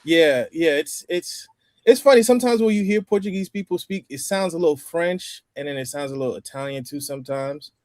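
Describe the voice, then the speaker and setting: A man's voice: on the high side, a little fast, no echo. A man hosting a casual roundtable chat, chatty and explaining phrases step by step. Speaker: host.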